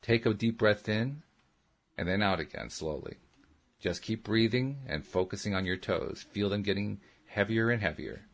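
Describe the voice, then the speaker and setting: A man voicing a calm, gentle woman who patiently guides a boy through relaxing, speaking in a soft and steady way. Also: fairly low pitch, normal speed, vocal fry. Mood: soothing.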